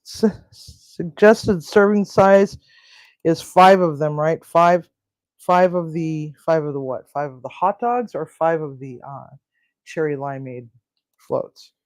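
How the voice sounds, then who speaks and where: A woman's voice: low voice, slow, a little mellow, no room sound. Chatty woman cooing at her pets. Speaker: home cooking show host. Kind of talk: casual cooking and pet chat.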